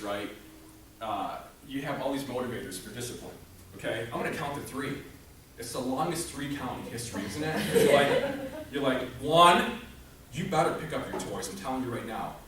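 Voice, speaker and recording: A man giving a comedic motivational talk to a staff audience, joking and conversational, asking the room rhetorical questions. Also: mid-range voice. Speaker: motivational speaker. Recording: very echoey room, mic far off, background noise. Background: audience laughter.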